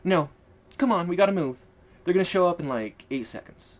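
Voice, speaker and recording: A man's voice: high voice, lively intonation, fairly quick, pitched above the performer's own voice. A man voicing a cocky, sassy teenage girl in an audiobook, blunt and brash. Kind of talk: audiobook character voice.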